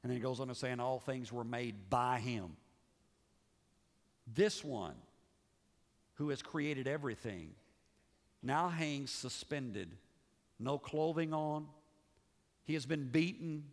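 Male pastor, mid-pitched, dramatic sermon delivery with hushed drops, recorded in a big reverberant sanctuary. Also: lively intonation, takes it slowly, pauses often. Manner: dramatic, swings from raised emphasis to hushed low delivery. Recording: long reverb of a large hall.

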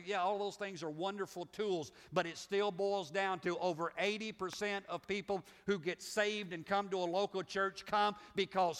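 A middle-aged pastor from the Southern United States preaches a sermon in a Southern US accent, keeping it folksy and conversational with restarts and repeats. His voice sits high and slightly bright, with the sound of a big room.

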